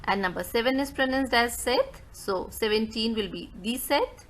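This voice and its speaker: Woman, teacher, repeats each word, fairly high voice. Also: moderate pace, a bit bright, poor audio. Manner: says each number twice, plainly. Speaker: French teacher. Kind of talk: slow spoken lesson with repetitions.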